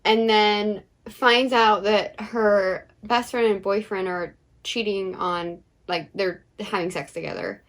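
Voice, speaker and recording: A woman's voice: medium pitch, fairly even intonation, slow pace, few pauses, fairly bright tone. A young woman co-hosting a book vlog, chatting casually with lots of fillers and frequent laughs. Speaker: book vlogger co-host. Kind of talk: casual chat.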